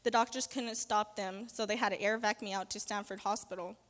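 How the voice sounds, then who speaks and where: A woman giving a spoken church testimony, earnest and halting, with repeated fillers. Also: mid-range voice, steady tone, fairly bright tone, in a large hall.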